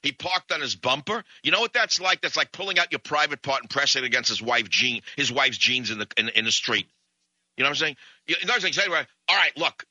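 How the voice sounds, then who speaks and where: A man's voice: fairly high pitch, sing-song, quick pace, pushed and bright, no room sound. A man hosting a talk show, telling a comic, rambling anecdote into a studio microphone. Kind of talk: comic storytelling monologue.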